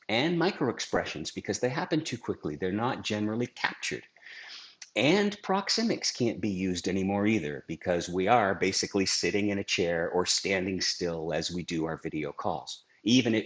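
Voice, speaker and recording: A man's voice: sits low, moderate pace. A middle-aged man teaching a scripted video lesson on influence as a trainer, emphatic and asking rhetorical questions. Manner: lively, emphatic presenter who asks rhetorical questions. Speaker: sales trainer.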